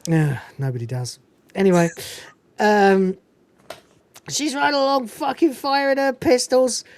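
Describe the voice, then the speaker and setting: A woman's voice: a little high, slow, no echo. A woman hosting a podcast, giving a casual, swearing-filled, digressive recap of a film scene. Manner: animated, profane, digressive. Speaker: podcast host.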